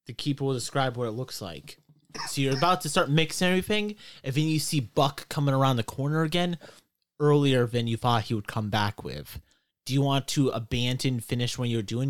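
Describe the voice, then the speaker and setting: A male game master runs a tabletop session, talking through rules and choices in an easy, unhurried way. His voice is mid-pitched and sits dry and close to the mic. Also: dry recording. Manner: relaxed, explanatory, with fillers.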